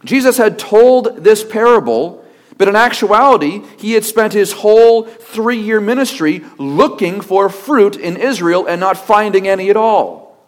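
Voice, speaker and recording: A male pastor preaching a sermon with emphatic delivery, rhetorical questions and steady repetition. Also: high voice, unhurried.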